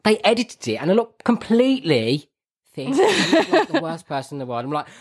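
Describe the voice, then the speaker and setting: Male podcast co-host, Birmingham accent, self-mocking storyteller with a very lively, bouncing delivery. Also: a little high, fairly quick, slightly rough. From Birmingham, England. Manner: laughs often, self-mocking, animated telling. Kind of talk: casual chat, storytelling.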